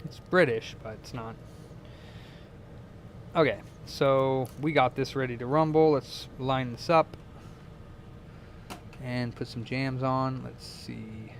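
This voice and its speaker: Streaming a repair job, this US-born man rambles through casual chat as he solders, saying "like" constantly. He speaks slowly at a medium pitch and pauses often, with a little hiss or hum in the recording.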